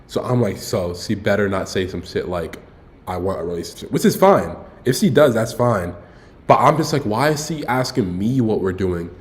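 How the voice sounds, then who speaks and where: On a laid-back stream, a young guy tells a dating story at a normal pace in a lowish, expressive voice. The telling is loose and meandering, he cuts himself off often, and "bro" comes up nonstop.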